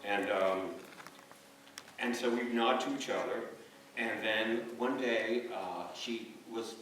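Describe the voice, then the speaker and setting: A man giving a rambling, hesitant memorial speech as a neighbor, telling stories with many pauses and fillers. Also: fairly low pitch. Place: church memorial service. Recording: echoey hall, distant mic, soft music.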